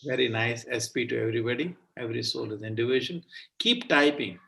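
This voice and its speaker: Man, gravelly voice, sits back from the mic, teacher leading an online Gita class, brisk and questioning. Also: mid-range voice, far from the mic, rough recording. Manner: animated, explains with questions to students.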